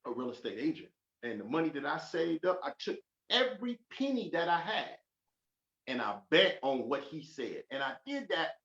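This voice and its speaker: A man giving a fervent, emphatic testimony as a podcast guest, rising to loud peaks. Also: very animated, moderate pace. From Oakland. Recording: roomy, dull low-fi sound.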